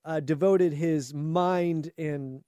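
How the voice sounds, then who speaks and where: A man's voice: fairly high pitch, steady tone, slow, dark tone, clean tone, dry recording, clean studio sound. A man co-hosting a casual chat, reading news aloud and joking about it. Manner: jokey, laughing, reads articles aloud. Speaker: podcast co-host.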